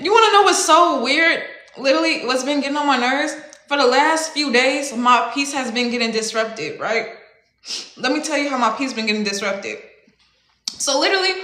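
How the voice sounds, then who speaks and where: Here a young woman's voice sits high, bright and forceful, in a roomy-sounding space. She's chatting casually on a livestream, rambling along with frequent laughter, profanity and slang.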